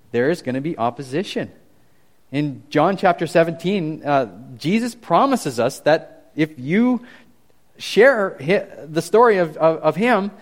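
A young man giving a casual, animated youth sermon, talking conversationally with frequent restarts. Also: a little high. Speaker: youth pastor.

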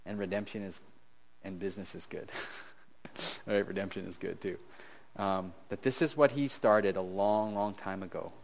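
Animated male pastor, conversational sermon. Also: deep voice, normal speed, vocal fry, long pauses. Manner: animated, swings from loud to hushed; chuckles at his own jokes.

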